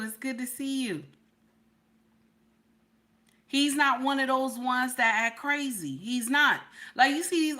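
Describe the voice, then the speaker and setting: Middle-aged female streamer, emphatic and repetitive, bright voice. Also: fairly high pitch. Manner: emphatic, repeats lines, talks to chat. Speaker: livestream reaction host. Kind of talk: casual livestream commentary.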